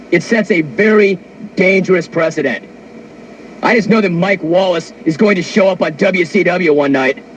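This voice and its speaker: A man's voice: sits high, breathy edge, dull audio. A man hosting a talk radio show, telling a story in a brash, wisecracking monologue into a studio mic. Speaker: sports radio host.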